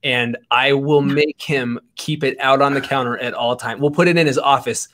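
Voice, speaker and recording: A man's voice: medium pitch, steady tone, normal speed, a bit bright. A man co-hosting a podcast, enthusiastic, asking long rambling questions. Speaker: podcast co-host. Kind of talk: casual podcast chat.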